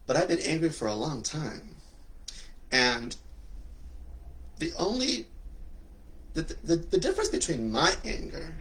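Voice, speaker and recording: A man's voice: on the high side, fairly bright tone. A young man giving a flamboyant, preachy motivational monologue, with sassy asides. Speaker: spiritual talk host.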